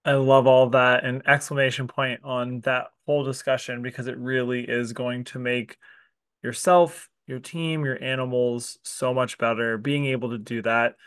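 A man's voice: mid-range voice, fairly even intonation, normal speed, a bit bright, clean tone, no room sound, clean studio sound. A man hosting a podcast, who asks his questions in an enthusiastic and affirming way. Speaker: podcast host. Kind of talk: interview questions.

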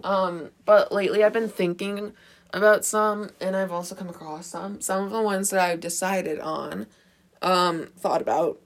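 A woman's voice: mid-range voice, steady tone, moderate pace. Girl just rambling on her podcast, sarcastic, fixes herself a lot, phone mic. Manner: rambling, self-correcting. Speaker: podcast host. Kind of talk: casual solo podcast chat.

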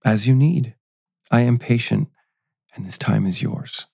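A man reading a calm, cryptic guide spirit. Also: medium pitch, unhurried, creaky, no room sound, clean studio sound. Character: calm, patient mysterious female guide being. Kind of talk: audio drama reading.

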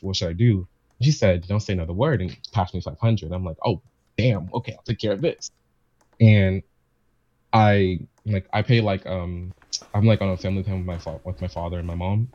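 Casual male storyteller, deep voice, rambling and repetitive, dry lo-fi sound. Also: darkish tone, no room sound. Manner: rambling, repeats himself, quotes family members. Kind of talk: casual chat, personal story.

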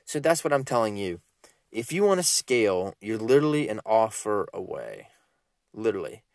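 A man's voice: on the low side, normal speed, vocal fry, no echo, studio quality. A man from Georgia, giving a casual, rambling motivational talk as a business coach. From Georgia, USA. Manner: animated, rambling, repeats himself.

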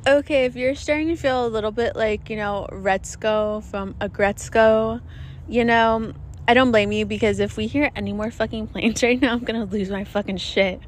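A woman's voice: fairly high pitch, steady tone, normal speed, a little hiss or hum. A young woman hosting her own podcast, talking casually and profanely with frequent laughs, recording outdoors in the desert while planes fly overhead. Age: young adult. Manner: chatty, profane, self-mocking, often laughing. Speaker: podcast host. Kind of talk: casual solo podcast monologue. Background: passing airplanes.

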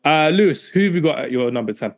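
A man hosting a casual podcast and talking in a quick, chatty and upbeat way. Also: on the high side, expressive. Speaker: podcast host.

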